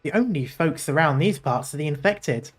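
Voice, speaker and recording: A man's voice: a little high, lively intonation, normal speed, slightly rough, soft background music. A man reading the lines of a sly, teasing female character from a game story, in a lightly raised, mocking voice.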